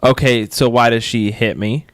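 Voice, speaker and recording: A man's voice: mid-range voice, fairly even intonation, moderate pace, no echo, studio quality. A young man co-hosting a podcast, chatting casually and teasing with playful exaggeration. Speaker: podcast co-host. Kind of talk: casual chat.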